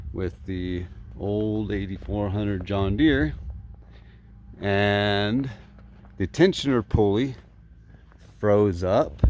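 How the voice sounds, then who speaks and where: A man's voice: lowish voice, darkish tone. A man, a farmer talking casually to the camera outdoors with dry, sarcastic humor. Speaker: farmer vlogger. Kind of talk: casual vlog walkaround. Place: outdoors on a farm. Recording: faint outdoor noise.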